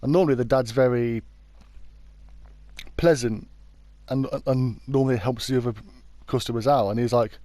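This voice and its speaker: British guy rambling through a true crime story, warm low-key tone, dry close sound. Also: steady tone, normal speed, no echo. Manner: chatty, informal, often backtracks to correct himself. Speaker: YouTube true crime host. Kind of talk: casual storytelling narration.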